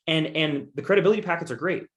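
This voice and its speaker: Talking fast in a high-leaning voice, this man coaches an audience on real estate investing as a guest speaker. He pushes his points hard and persuasively with repeated assurances, keeping it casual and addressing everyone as "guys."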